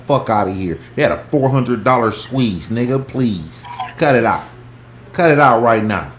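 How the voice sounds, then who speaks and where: A man hosting a heated casual stock chat, profane and worked up, swinging between loud outbursts and hushed asides. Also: mid-range voice, lively intonation, normal speed, soft background music. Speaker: stock talk show host. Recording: echoey room.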